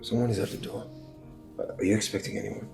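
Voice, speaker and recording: An actor with a Nigerian accent playing a broke, desperate young husband who pleads and stammers in a film drama. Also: male voice, lowish voice, very animated, fast, vocal fry. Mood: pleading. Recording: echoey room with music.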